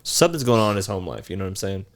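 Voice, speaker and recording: A man's voice: deep voice, sing-song, rapid-fire. A man in his thirties casually telling a long, rambling story on a podcast. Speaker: podcast co-host.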